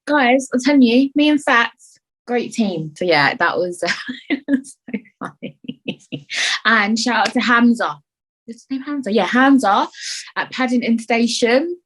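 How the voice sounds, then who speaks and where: Young woman ranting on her podcast, husky voice, swears a lot, keeps jumping into silly voices. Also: fairly high pitch, measured pace, pauses often, poor audio. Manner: animated, swears freely, jumps between voices. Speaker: podcast host. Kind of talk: casual solo podcast chat.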